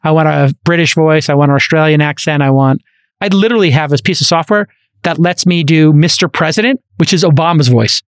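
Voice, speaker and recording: Brooklyn guy hosting a podcast, kinda high voice, rambly and animated, dry close mic. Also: brisk, no echo. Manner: animated, talkative, many fillers and restarts. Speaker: podcast host. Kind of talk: casual interview chat. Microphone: studio microphone.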